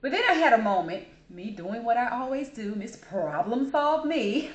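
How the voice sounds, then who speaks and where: A woman, hosting her channel and telling a story in a casual, animated way while she acts out the people in it. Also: normal speed, few pauses. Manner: animated, acts out quotes with big pitch jumps. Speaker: channel host. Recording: echoey room.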